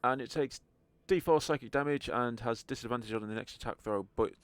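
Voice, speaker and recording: A man's voice: medium pitch, a little fast, no echo. A man narrating a tabletop game as game master, in a wry, joking manner.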